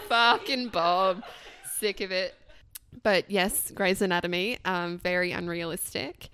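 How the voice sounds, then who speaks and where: A woman's voice: fairly low pitch, fairly even intonation, measured pace, a bit bright. A young woman in her twenties, a nurse chatting frankly on a podcast, laughing often and swearing casually. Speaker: registered nurse guest.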